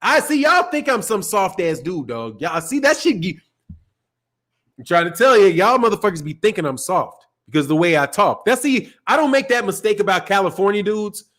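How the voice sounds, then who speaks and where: A man's voice: high voice, big pitch swings, moderate pace, fairly bright tone. A man from Chicago with a Chicago accent, hosting a live boxing stream in a loose, profane, rambling way with frequent laughs. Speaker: boxing channel host. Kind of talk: casual live-stream rant.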